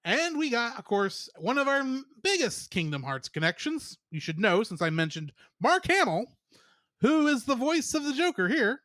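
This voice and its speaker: A man's voice: very high-pitched, sing-song, moderate pace, fairly bright tone, dry recording, clean studio sound. A man co-hosting a casual podcast, reeling off cast trivia in a chatty way and laughing often. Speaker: podcast co-host.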